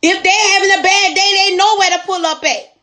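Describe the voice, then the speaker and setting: A woman's voice: very high voice, steady tone, brisk, bright, forceful tone. A woman store owner telling a motivational testimony in a folksy, preachy storytelling way.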